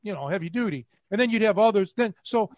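A man's voice: high-pitched, lively intonation, fast, a little mellow, no echo. A middle-aged man from Cleveland hosting a podcast, telling rambling stories with many restarts and fillers. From Cleveland, USA. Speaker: podcast host and catch wrestling coach. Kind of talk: casual podcast chat.

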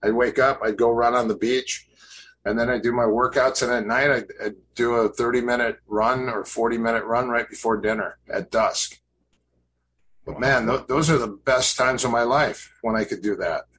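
A man's voice: mid-range voice, steady tone, normal speed, fairly bright tone, slight background noise, poor audio. A man in his fifties, a podcast guest, casually telling stories about his past training, rambling with fillers and restarts. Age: 50s. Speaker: podcast guest, grappling coach. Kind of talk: casual interview storytelling.

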